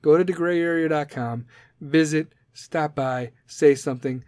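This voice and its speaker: Brash podcast host, slightly high voice, cursing freely, dry close sound. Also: male voice, measured pace, darkish tone, no echo. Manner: brash and profane, joking. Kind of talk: casual podcast monologue.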